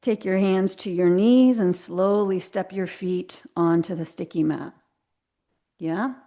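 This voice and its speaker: A woman teaching a live yoga class over a video call, giving slow, gentle cues with soft asides. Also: mid-range voice, fairly even intonation.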